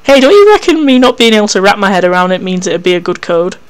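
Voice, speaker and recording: A reader voicing Cecily, an anxious young protagonist in disguise who speaks in a flustered, hushed way. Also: medium pitch, sing-song, fast talker, clear, resonant tone, lightly acted.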